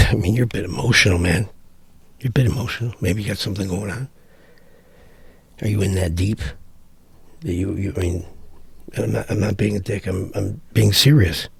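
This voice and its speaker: A man's voice: low-pitched, creaky, husky. A middle-aged man giving a profane, exasperated vlog rant, rambling with frequent restarts. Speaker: vlogger. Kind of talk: ranting commentary vlog.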